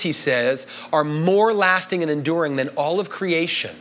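A man's voice: a little high, lively intonation, moderate pace, few pauses, fairly bright tone. Emphatic man preaching a sermon. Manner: emphatic, conversational, often asks "right?". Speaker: pastor.

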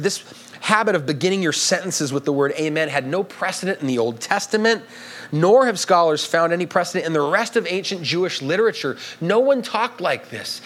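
Man, pastor, sermon, emphatic, conversational, slightly high voice. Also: a bit bright. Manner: emphatic, conversational, often asks "right?".

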